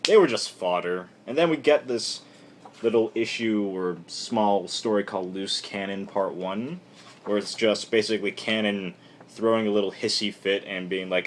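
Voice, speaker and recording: Low-voiced man rambling through a comic recap. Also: moderate pace. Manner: rambling, irreverent, animated retelling. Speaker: comic book reviewer. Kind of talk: casual comic recap vlog.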